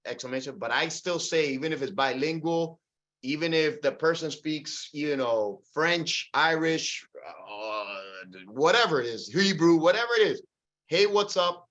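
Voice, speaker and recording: Over a video call, a man runs a real estate sales meeting, calling on team members by name and urging them to keep going. His voice sits on the high side and he speaks unhurriedly, with an energetic manner.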